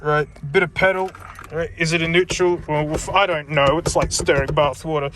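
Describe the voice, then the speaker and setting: An Australian man chatting on location for his vlog, excitable and urging, saying "mate" a lot. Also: fairly high pitch, moderate pace.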